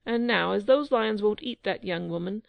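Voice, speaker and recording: A woman reading the part of a pompous, quick-tempered tyrant king who roars his orders. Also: medium pitch, vocal fry, no echo, narrow, tinny audio. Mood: furious. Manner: roaring, pompous.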